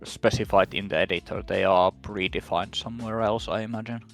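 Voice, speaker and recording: A man in casual stream chat who explains things in a patient, measured way. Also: fairly low pitch, fairly even intonation, vocal fry, faint music behind.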